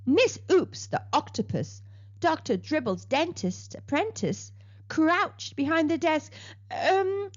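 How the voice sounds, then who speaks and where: A woman storyteller reads a children's picture book aloud in a playful, expressive way, her voice high-pitched and slow. The recording sounds dull.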